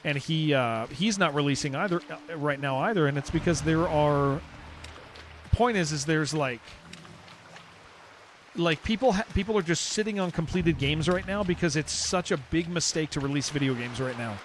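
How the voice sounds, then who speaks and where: A man's voice: a little high, normal speed, slight background noise. A young man from San Diego with a Californian accent, chatting casually and rambling as he streams a game, often saying dude. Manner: rambling, restarts sentences, says dude a lot. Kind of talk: casual live-stream chat while gaming.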